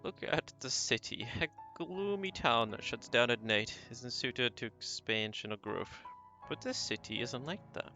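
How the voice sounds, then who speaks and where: A man's voice: mid-range voice, expressive, a little slow, pushed and bright, faint music behind. A man reading an arrogant, greedy rich husband. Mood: musing. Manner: arrogant, fussy lecturing. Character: proud wealthy young husband, blunt and greedy.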